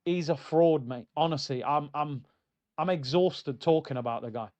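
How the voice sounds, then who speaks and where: A man's voice: on the high side, normal speed, darkish tone. A man hosting a live football watchalong, ranting in exasperation and reading out chat messages. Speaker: host of a football watchalong stream.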